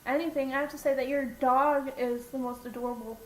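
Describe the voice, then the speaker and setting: A young woman in casual chat, giggling often and answering in slow, drawn-out replies. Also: high-pitched, steady tone, a crowd in the background. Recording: echoey room with faint noise.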